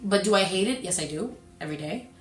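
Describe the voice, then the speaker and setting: A woman's voice: mid-range voice, quick pace. A woman who stutters, chatting casually and with emphasis as a co-host. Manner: stutters, restarts words; animated, emphatic. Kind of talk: casual chat. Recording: echoey room with faint music.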